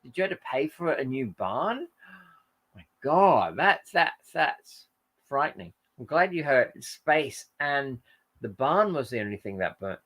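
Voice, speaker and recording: A man's voice: mid-range voice, very animated, measured pace, fairly bright tone. An Australian man hosting a casual livestream, reading viewer comments aloud and rambling in friendly chat.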